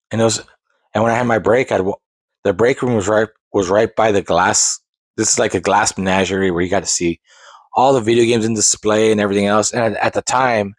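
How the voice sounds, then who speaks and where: Low-voiced man in his forties, rambling. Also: dry recording. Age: 40s. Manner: rambling, with restarts and side digressions. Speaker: podcast host. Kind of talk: casual storytelling monologue.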